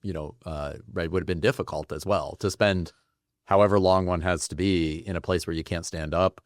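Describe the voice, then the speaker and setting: A man's voice: deep voice, fairly even intonation, normal speed, dry recording, studio quality. A man hosting a podcast interview, asking curious questions and thinking aloud. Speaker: podcast host. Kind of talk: casual interview chat.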